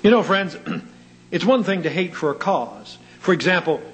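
Preacher man with a lively, rising voice. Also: normal speed, low-quality recording. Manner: rhetorical questions with wide pitch swings; storytelling with dry humor. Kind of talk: sermon.

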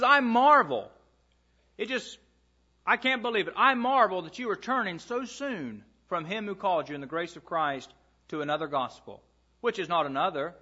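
High bright-voiced man preaching. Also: lo-fi sound. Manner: storytelling, reads scripture aloud. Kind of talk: sermon.

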